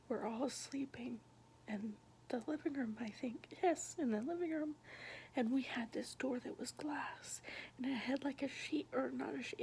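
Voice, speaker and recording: A young woman whispering a personal story in a soft, halting, intimate hush. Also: high-pitched, vocal fry, a little hiss or hum. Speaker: vlogger sharing her past.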